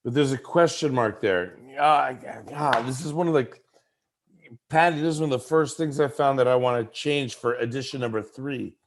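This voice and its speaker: A man's voice: mid-range voice, normal speed. A man giving a casual instructional talk about his game, playfully demonstrating different inflections. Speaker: game creator giving tips.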